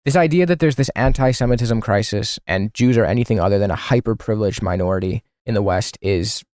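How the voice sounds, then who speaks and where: A man's voice: fairly low pitch, a little fast, a little mellow, no room sound, studio quality. A man streaming casual political commentary, sarcastic and profane, with bursts of mock outrage. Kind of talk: casual political commentary, reacting to material on screen.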